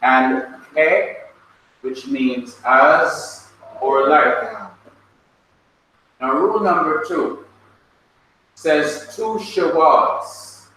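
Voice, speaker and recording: A man's voice: on the high side, very slow, long pauses, sharp tone. A male teacher leading a classroom lesson, calling on students by name and patiently drilling their pronunciation. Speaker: Hebrew teacher. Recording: echoey classroom from far off, faint noise.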